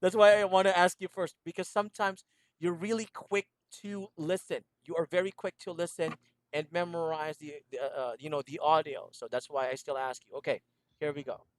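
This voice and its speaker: A man's voice: on the high side, fairly even intonation, brisk, no room sound. A man teaching a one-on-one English lesson over a video call, patiently repeating instructions and laughing often. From Philippines.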